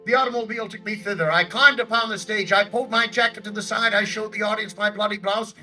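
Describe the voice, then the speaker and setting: A man's voice: fairly even intonation, fast talker, sharp tone, recorded from a distance, faint music behind, rough recording. A man playing an older Theodore Roosevelt, giving a declamatory outdoor stump speech in character in a park by a lake. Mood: rousing. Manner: booming, declamatory oratory. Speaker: historical reenactor.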